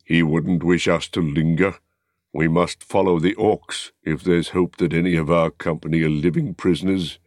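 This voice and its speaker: A gruff dwarf warrior talks bluntly and urgently in a deep voice, as a male reader voices him. The sound is close and dry. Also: fairly even intonation, moderate pace, a little mellow, dry recording, close to an everyday voice. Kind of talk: audiobook character reading.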